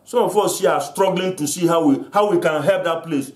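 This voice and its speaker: Older man from Africa, angry vlog rant, high voice, roomy echo. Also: brisk, darkish tone. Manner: heated, accusing, many repeated restarts. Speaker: vlogger.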